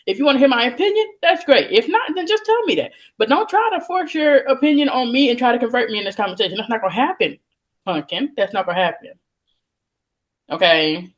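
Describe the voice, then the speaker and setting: A woman in a casual chat who talks emphatically and holds firm opinions. Her pitch sits a little high and swings widely as she talks. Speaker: co-host.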